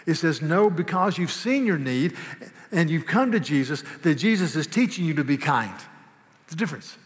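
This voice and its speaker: A man with a fairly high voice preaches a sermon in a church, his words ringing out with a long hall echo. He drops to hushed, tender asides and then rises to loud, emphatic declarations. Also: lively intonation, a little fast. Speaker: pastor. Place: church sanctuary.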